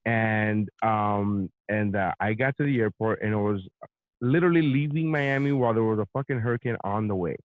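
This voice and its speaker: A male comedian telling a long, profane travel story in loose conversation. He acts out each exchange and jumps in pitch and volume as he plays the people in it. The sound is dry and narrow, as if heard down a phone line. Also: moderate pace, no echo. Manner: profane, animated, acts out both sides of anecdotes. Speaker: podcast host, comedian. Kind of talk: casual storytelling chat.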